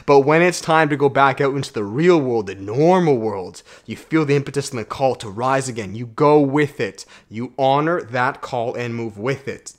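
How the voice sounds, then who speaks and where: A man's voice: normal speed, few pauses. Blunt, profane man giving a motivational talk. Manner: blunt, profane and emphatic, addresses viewers as guys; swings between low asides and loud outbursts. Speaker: self-development YouTuber. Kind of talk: motivational monologue to camera.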